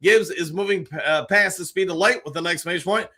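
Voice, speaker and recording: A man with a high, bright voice hosts a casual live stream. He reads viewer comments aloud one after another and tosses back short, friendly replies in an easy chat style. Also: fairly quick, hardly any pauses, breathy edge. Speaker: show host reading live chat.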